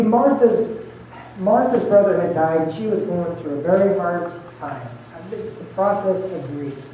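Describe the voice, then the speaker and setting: Pastor guy preaching easter sermon, deep mellow dark tone, big echoey hall, mic kinda far off. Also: a little hiss or hum. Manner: earnest, guides listeners through scripture verse by verse. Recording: very echoey hall, heard from afar.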